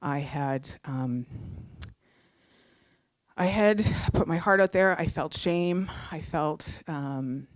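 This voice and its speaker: A middle-aged woman from Canada telling a personal story live on stage, heartfelt and animated, acting out the voices she quotes. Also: low-pitched, takes it slowly, no echo, clean studio sound. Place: theatre stage.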